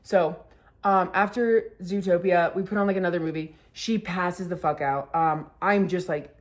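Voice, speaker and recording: A woman's voice: fairly even intonation, normal speed. Young woman vlogger, casual storytime, filler-heavy, giggly. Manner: filler-heavy with constant "like", bursts into laughter; acts out quotes with sudden high squeals.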